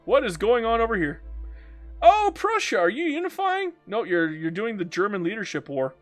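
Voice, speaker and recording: A man with a high-pitched voice talks through a strategy game. He chats loosely, jokes at the screen and reads out viewer comments. Soft music plays faintly behind him. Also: huge pitch swings, normal speed. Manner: chatty, joking, reads chat aloud, breaks into silly mock voices. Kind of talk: live gameplay commentary.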